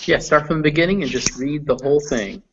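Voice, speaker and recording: A man's voice: fairly high pitch, fast talker, noisy background. Patient man teaching pronunciation online. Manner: patient, encouraging, filler-heavy explanations. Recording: dull lo-fi voice chat audio.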